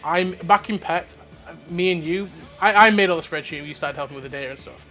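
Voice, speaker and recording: This young podcast host has a high-pitched voice and a brisk pace, and the sound is lo-fi with faint music underneath. He rambles through his stories in a lively way, cursing often during the casual chat.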